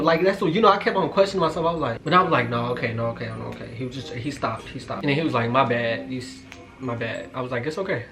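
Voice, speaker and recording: A young man tells a storytime in loose, slangy talk, full of fillers. His voice sits at a medium pitch but jumps up and gets loud when he reacts, then falls to quiet asides. Soft music plays faintly underneath. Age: 20s. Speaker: vlogger. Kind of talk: storytime vlog.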